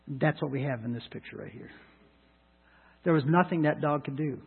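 Middle-aged male pastor, high husky voice, rambling folksy sermon story, thin phone-like sound. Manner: folksy, halting storytelling with many restarts. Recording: echoey hall, phone-like sound.

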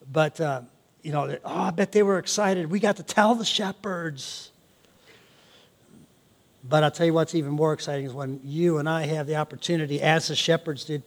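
An older man preaching a sermon as pastor, animated with laughing asides and playful exclamations. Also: fairly high pitch.

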